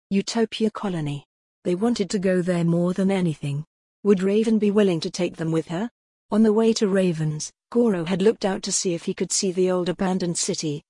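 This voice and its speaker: Woman, storybook narration, calm and even, dry close sound. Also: lowish voice, slightly rough, no room sound. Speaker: audiobook narrator.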